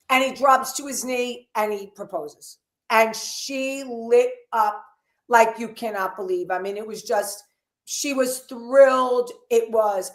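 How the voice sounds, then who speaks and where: Woman co-host, slightly high voice, chatty gossip narrator, echoey room sound. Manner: lively storyteller, acting out quoted dialogue. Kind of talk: casual gossip livestream chat.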